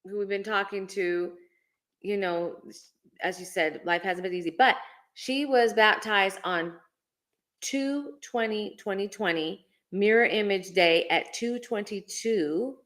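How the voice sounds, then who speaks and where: Woman co-hosting a livestream, chatty and warm, reads comments out, mid voice. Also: mid-range voice, unhurried. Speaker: astrology show co-host. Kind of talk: casual livestream chat.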